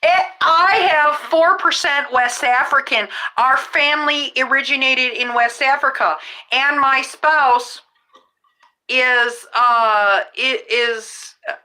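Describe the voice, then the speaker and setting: Middle-aged woman, podcast host, high and bright, slow, rambling casual chat. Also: low-quality recording. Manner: rambling, restarts mid-sentence, chatty. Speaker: rideshare driver and podcast host.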